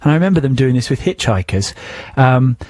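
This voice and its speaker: A man's voice: mid-range voice, expressive, fairly quick, darkish tone, no echo. A man co-hosting a casual radio chat, wry and anecdotal, telling stories from film work. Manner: wry, storytelling, mocks films. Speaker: co-host, filmmaker. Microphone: studio microphone.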